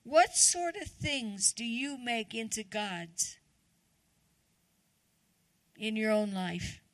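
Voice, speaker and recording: A woman's voice: fairly high pitch, sing-song, drawn-out words, no room sound. A woman guest preacher giving a chatty, conversational sermon, often asking the congregation questions.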